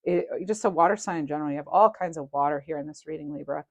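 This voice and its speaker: Woman tarot reader, low-ish voice, chatty and reassuring, dry close recording. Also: fast, no echo. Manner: chatty, reassuring, rambling with fillers. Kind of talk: casual tarot reading to camera.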